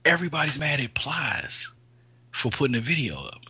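A man's voice: medium pitch, very animated, normal speed, bright, forceful tone, slightly rough, no echo. A man in casual podcast banter, loose and profane, laughing often and getting riled up. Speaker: co-host.

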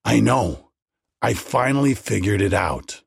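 Man doing a chatty eager baker, slow, husky, lively pitch. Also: dry recording, clean studio sound, full character voice.

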